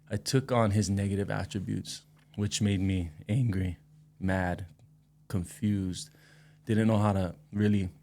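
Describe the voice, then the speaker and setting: A man in his thirties, a musician guest on a podcast, speaking in a relaxed, reflective, slangy way. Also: low-pitched. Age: 30s. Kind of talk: casual interview chat.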